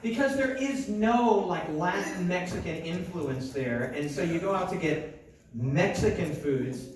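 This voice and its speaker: American pastor in a booming echoey hall. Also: male voice, lively intonation, measured pace, slight background noise. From United States. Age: young adult. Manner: chatty and self-mocking, with asides and acted-out dialogue. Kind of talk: storytelling conference sermon. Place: large conference hall. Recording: very echoey hall, mic far off.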